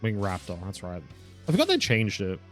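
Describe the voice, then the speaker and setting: Rambling low-voiced young male streamer. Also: huge pitch swings, fairly quick, faint music behind. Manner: rambling, self-correcting, swears and laughs. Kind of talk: casual live gameplay commentary.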